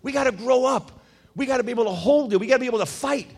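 A man preaching a sermon, telling stories with acted-out quotes and a lively, punchy delivery. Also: very high voice, racing, husky. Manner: animated storytelling with acted quotes. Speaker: pastor.

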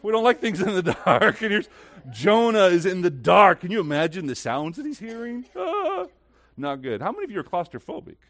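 A man preaching a sermon as pastor, swinging between loud, lively stretches and hushed, slow ones. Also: high voice, no echo.

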